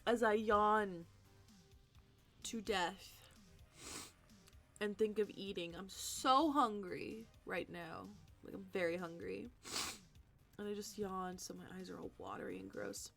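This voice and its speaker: A woman's voice: mid-range voice, slow, vocal fry, pauses often, fairly bright tone, faint music behind. A woman hosting a live stream, chatting casually and answering viewers' comments as she thinks aloud. She is tired and sleepy. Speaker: livestream host.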